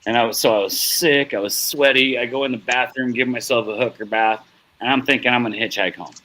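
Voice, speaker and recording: A man's voice: mid-range voice, steady tone, quick pace, bright, forceful tone, slight background noise, poor audio. A middle-aged man hosting a casual chat, rambling and profane as he tells a story, often laughing at himself. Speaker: show host.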